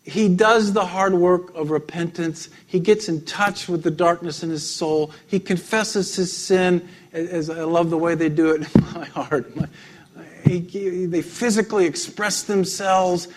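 Man, pastor, sermon, higher voice, storytelling, laughs now and then, soft hushed drops. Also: steady tone, measured pace.

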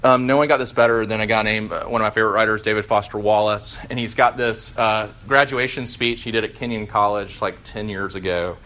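A man's voice: fairly low pitch, brisk, hardly any pauses. Conversational male preacher. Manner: conversational, animated, with fillers and restarts. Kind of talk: sermon.

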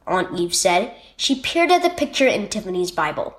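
A woman reading a children's devotional story aloud in a gentle, expressive storytelling way. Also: mid-range voice, normal speed, few pauses. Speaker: devotional reader.

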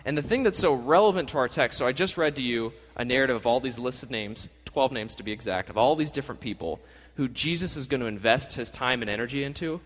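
A man giving a casual, energetic sermon as a youth pastor, talking conversationally and acting out quotes. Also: medium pitch, fast talker. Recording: long reverb of a hall.

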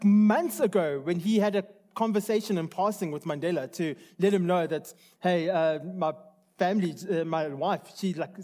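A man's voice: sits high, darkish tone. A man preaching a sermon, earnest and conversational, with restarts and asides. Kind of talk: sermon with opening prayer.

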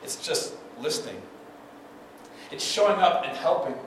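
A man's voice: a little high, very animated, measured pace. A man preaching a conversational sermon as a pastor, often checking in with the listeners. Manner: conversational, asks the listeners "right?". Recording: far from mic in an echoey hall, noisy.

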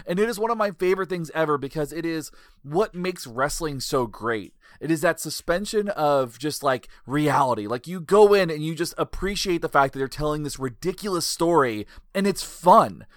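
A man hosting a casual podcast chat, telling stories in an animated way and swearing freely. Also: fairly high pitch, moderate pace, no room sound, clean studio sound.

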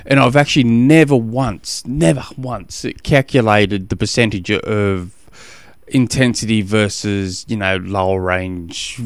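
A man's voice: lowish voice, no echo. A middle-aged Australian man hosting a podcast as a triathlon coach, talking in a chatty, rambling, self-mocking way with many restarts. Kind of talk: casual podcast monologue.

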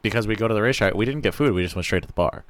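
A young man tosses off dry jokes in a relaxed conversation. His voice sits a bit low and sounds dry and close, with no room echo. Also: racing. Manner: wry, joking interjections. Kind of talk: casual chat.

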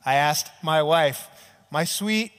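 A male pastor with a high voice, preaching a sermon in a chatty, storytelling way. He keeps checking in with the room and acts out short bits of dialogue. His voice rings with the long reverb of a large church hall. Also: takes it slowly, fairly bright tone, clear, resonant tone. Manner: conversational preaching, tags lines with "right?", acts out quotes.

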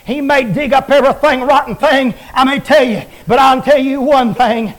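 Male revival preacher, very high voice, chanted, shouting cadence. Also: fairly even intonation, normal speed, poor audio. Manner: chanting, repetitive, rises to shouts.

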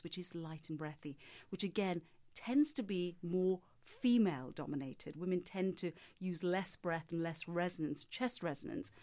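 Woman, voice coach, measured explanatory delivery, slightly low voice, interview. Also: darkish tone. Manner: measured, explanatory, demonstrates her own voice. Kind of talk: interview answers.

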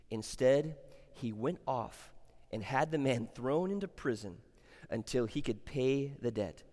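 A pastor preaching a sermon, explaining scripture and driving points home with rhetorical questions and repeated phrases. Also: male voice, medium pitch, long reverb tail.

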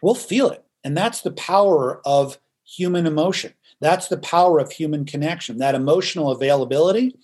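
Male coach, theatrical and emphatic, somewhat high-pitched, podcast guest. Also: a little fast, hardly any pauses, darkish tone. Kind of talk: podcast interview.

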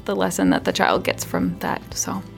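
A woman with a somewhat low voice explains child behavior as a parenting podcast guest. She speaks conversationally and often eases into a quiet, soothing register. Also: sing-song, moderate pace, gravelly, faint music behind. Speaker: early childhood mental health specialist. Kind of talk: podcast interview, advice.

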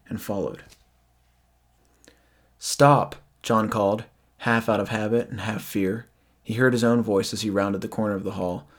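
A man reading a horror story aloud in a measured, somber way. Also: on the low side, darkish tone, breathy edge. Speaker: narrator. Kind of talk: scripted horror narration.

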